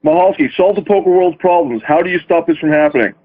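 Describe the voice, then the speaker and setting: A man's voice: fairly high pitch, fast. Male host, poker radio talk, pointed questions, phone-line sound. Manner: quizzes guests with pointed questions.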